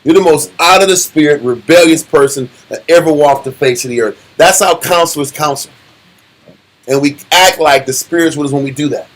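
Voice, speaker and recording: A man leading a casual Bible study, animated and full of rhetorical questions and slang. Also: fairly high pitch, brisk, poor audio. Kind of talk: casual scripture teaching.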